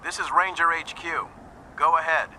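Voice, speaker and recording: An actor playing a ranger headquarters dispatcher speaking clipped radio protocol over a radio. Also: male voice, fairly high pitch, flat delivery, moderate pace, pushed and bright, slight background noise, low-quality recording. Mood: businesslike.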